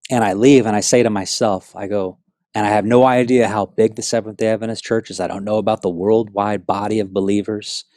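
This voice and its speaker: Earnest low-voiced man telling his testimony. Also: a little fast, no echo, studio quality. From South Florida, USA. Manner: earnest, animated storytelling with many asides. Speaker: speaker giving a personal testimony. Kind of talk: personal testimony storytelling.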